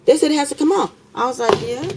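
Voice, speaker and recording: A woman's voice: high voice, fast, darkish tone, a little hiss or hum, low-quality recording. A woman, filming an impassioned complaint in her apartment, talking indignantly and repeating phrases for emphasis.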